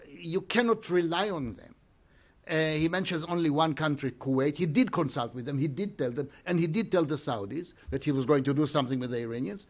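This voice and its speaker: Man presenting at an academic conference, voice a touch high, stop-start delivery full of restarts. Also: animated. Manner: halting, with frequent hesitations and restarts. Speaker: conference speaker.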